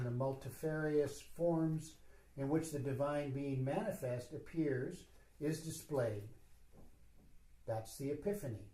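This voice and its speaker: Guy teaching at a retreat, slow and measured, warm mellow voice, roomy echo. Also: medium pitch. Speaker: spiritual teacher. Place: retreat hall.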